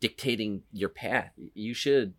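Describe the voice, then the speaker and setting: A man's voice: on the low side, measured pace. Rambling man hosting a podcast. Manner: rambling, filler-heavy, restarts often. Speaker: podcast host. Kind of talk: casual movie discussion.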